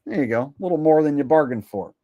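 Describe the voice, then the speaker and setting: A man's voice: a little high, expressive, fast, no echo, highs cut off. A man hosting a casual livestream, rambling and swearing as he reads out donations. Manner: rambling and profane, with frequent fillers. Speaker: livestream host.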